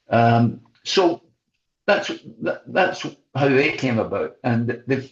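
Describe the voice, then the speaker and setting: An elderly man in his eighties speaks as an interview guest, plain-spoken and frank in his views. His voice sits on the lower side, and the audio is dull and muffled, as if from a lo-fi mic. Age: 80s. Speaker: guest, veteran boxer. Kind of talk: conversational interview.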